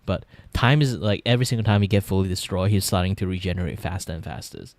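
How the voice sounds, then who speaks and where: Low-voiced Malaysian man chatting casually. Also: fast, darkish tone, no room sound. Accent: Malaysian English. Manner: rambling, swears freely, laughs often. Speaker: vtuber streamer. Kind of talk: casual livestream chat while drawing.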